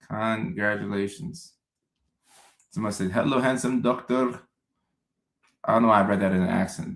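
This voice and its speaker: A man's voice: lowish voice, a bit bright, reverberant. A man, a psychiatrist hosting a live stream, casually answering chat comments and often repeating his phrases for emphasis.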